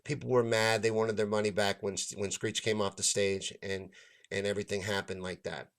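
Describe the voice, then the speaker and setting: Profane, animated man telling a story. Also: fairly low pitch, a little fast, creaky. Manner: profane, animated, acts out others' lines. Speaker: stand-up comedian and show host. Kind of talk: casual storytelling rant.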